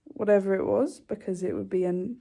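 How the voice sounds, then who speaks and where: A young woman films a casual vlog in a stable yard, speaking softly to camera and cooing to her horses between remarks. Her mid-range voice is gravelly, with a steady tone and a fairly quick pace.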